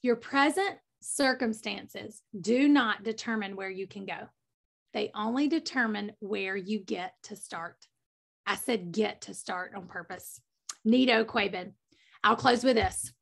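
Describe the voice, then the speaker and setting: Fervent, gravelly-voiced woman speaker. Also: medium pitch, unhurried, fairly bright tone. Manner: fervent, preacher-like, addresses listeners as y'all. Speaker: motivational speaker. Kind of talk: inspirational speech on a video call. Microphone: video call.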